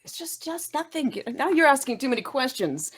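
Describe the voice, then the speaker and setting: A woman playing a tabletop game, talking in an animated way and quick to laugh. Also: sits high. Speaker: player.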